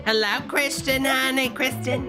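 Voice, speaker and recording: Woman doing a chill livestream chat, slow and easygoing, calling everyone honey, loud music going behind her. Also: high-pitched, fairly even intonation. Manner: chatty, calls viewers honey, chants along with the song. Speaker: livestream host. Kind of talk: casual live reaction chat. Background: loud music video playing.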